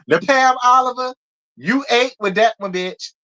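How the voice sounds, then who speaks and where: A man hosting a casual live recap of a reality TV show, talking in a gossipy, profane, animated way and laughing often. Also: high-pitched, moderate pace. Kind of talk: casual live review commentary.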